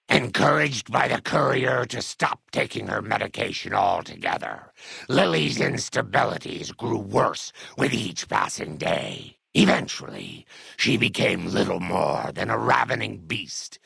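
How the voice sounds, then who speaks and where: Man doing a slow, gravelly game narrator. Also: fairly low pitch, very animated, sharp tone, no echo, exaggerated voice. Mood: somber. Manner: slow, solemn storytelling.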